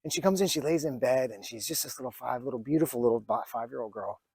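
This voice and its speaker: A man's voice: mid-range voice, quick pace, a little mellow, husky, no room sound. A man in his forties telling a personal story in a vlog, earnest and reflective, with many fillers and restarts, close to tears at times. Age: 40s. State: emotional, near tears at times. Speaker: vlogger.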